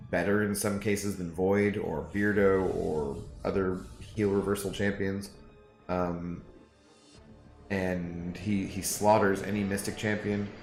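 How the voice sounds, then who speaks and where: A man with a lowish voice chats casually with his stream viewers, drifting between thoughts with plenty of ums and uhs. His voice bounces around an echoey room, and quiet music plays in the background. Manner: rambling, talks to chat with fillers. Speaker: game streamer.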